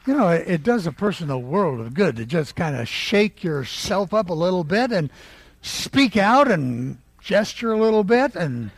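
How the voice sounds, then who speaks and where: A man preaching a sermon, leading the congregation in call-and-response and rising to loud exclaiming. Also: sits high, big pitch swings, moderate pace, vocal fry.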